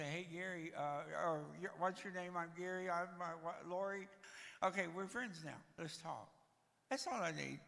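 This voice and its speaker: A man's voice: fairly high pitch, vocal fry, a bit bright, big-room sound. An older man giving a storytelling talk at a church, with a dry, joking manner. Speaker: guest speaker.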